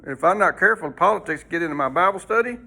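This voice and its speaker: A man's voice: high-pitched, animated, fast talker, gravelly, sharp tone. A man teaching a folksy Sunday school lesson, rambling and throwing in rhetorical questions.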